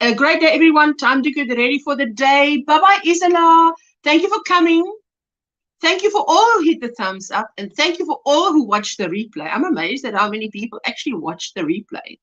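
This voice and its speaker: A woman from South Africa hosting a casual crochet livestream, chatting warmly and laughing often as she reads out viewer comments. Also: on the high side, lo-fi sound. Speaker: livestream host.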